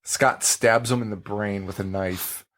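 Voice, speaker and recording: A man hosting a podcast, chatting casually about a movie, animated, laughing often and swearing freely. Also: on the low side, measured pace. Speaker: podcast host. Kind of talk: casual movie-review chat.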